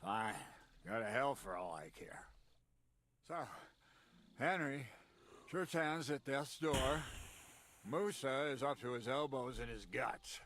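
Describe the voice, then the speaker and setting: An actor voicing a blunt, sarcastic commander in a video game. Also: male voice, medium pitch, animated, takes it slowly, pauses often, fairly bright tone, a little hiss or hum. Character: gruff, sarcastic male commander.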